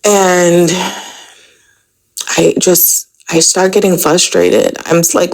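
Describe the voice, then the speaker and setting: A woman with a low voice and a gravelly, creaky edge tells a personal story on her podcast. She talks casually and chattily, filling her sentences with "like" and "you know". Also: level tone, takes it slowly, pauses often, rough recording. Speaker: podcast host.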